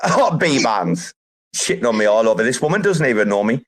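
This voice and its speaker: A man hosting a casual group chat, talking in an animated, emphatic way and swearing casually. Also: medium pitch, brisk. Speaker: host.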